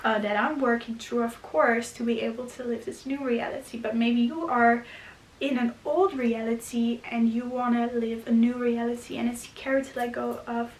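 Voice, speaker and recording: Gentle, earnest woman in an echoey room. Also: fairly high pitch, fairly even intonation, moderate pace, distant mic. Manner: gentle, earnest, laughs often. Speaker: spiritual vlogger. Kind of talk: casual spiritual talk to camera. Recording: echoey room with faint hiss.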